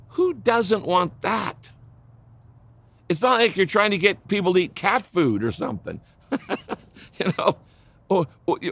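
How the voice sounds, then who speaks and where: An older man delivers a sermon, his voice sitting a little high for a man. He preaches with passion, swelling and pleading as he drives each point home. The sound is dry, with no room echo. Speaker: pastor.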